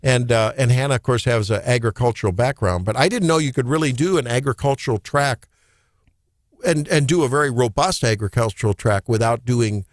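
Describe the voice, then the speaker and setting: A man's voice: medium pitch, a little fast, no room sound, studio quality. A man with a Midwestern American accent hosting a morning radio show, giving jokey, incredulous commentary. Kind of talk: talk radio banter and commentary. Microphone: studio microphone.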